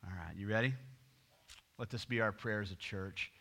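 A middle-aged man preaching a sermon, swinging from loud emphasis to hushed near-whispers. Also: lowish voice, moderate pace, pauses often. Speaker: pastor.

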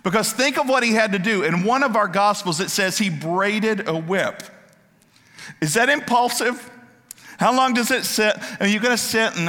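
A man preaching a sermon, dropping to quiet asides and rising to loud, impassioned questions. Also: sits high, moderate pace, big-room sound. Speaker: pastor.

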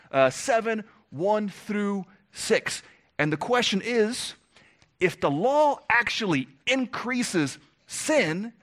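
A man with a fairly high voice preaches an expository sermon. He often fills pauses with "uh" and stops to ask "okay?" to make sure the point lands. He pushes his points with emphatic rises and falls in pitch. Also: fairly bright tone. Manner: frequent "uh" fillers, checks in with "okay?".

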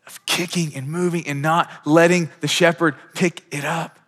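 A man's voice: on the high side, steady tone, normal speed, a bit bright. A man in his thirties preaching a sermon as pastor, emphatic and full of rhetorical questions. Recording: long hall reverb.

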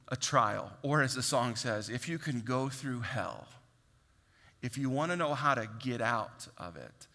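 A man's voice: medium pitch, sharp tone. A man preaching a sermon in an earnest, conversational way, often acting out what people say. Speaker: pastor. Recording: long hall reverb.

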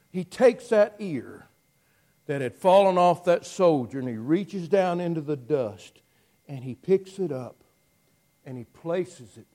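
A man preaching a sermon, telling the story dramatically and moving between hushed passages and loud ones. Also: a little high.

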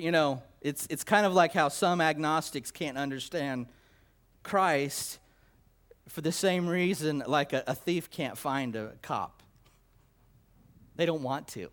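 A man preaching a sermon, swinging between loud emphatic declarations and low quiet asides, with repetition and stammered restarts. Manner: slow, deliberate delivery with repetition and stammered restarts.

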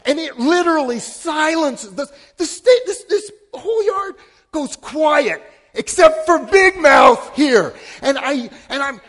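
A middle-aged man preaching a sermon, telling a story against himself with sudden swings between loud and hushed. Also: extremely high pitch, expressive, takes it slowly. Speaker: pastor.

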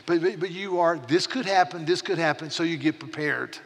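A man's voice: on the high side, brisk, a bit bright. A man in his sixties preaching a sermon as pastor, earnest and emphatic, often repeating words as he restarts a thought. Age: 60s. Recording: long reverb of a large hall.

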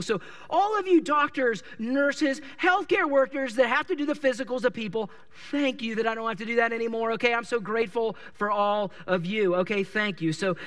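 A male pastor preaching a sermon, telling a story with lively, animated delivery and acting out the people in it. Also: high voice, distant mic. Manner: animated storytelling, acts out characters and yells their lines.

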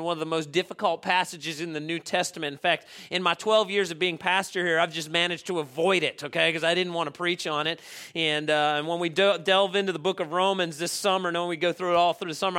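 A man's voice: high-pitched, sharp tone, clear, resonant tone. A middle-aged man, a pastor, giving a sermon in a conversational way that builds to emphatic preaching.

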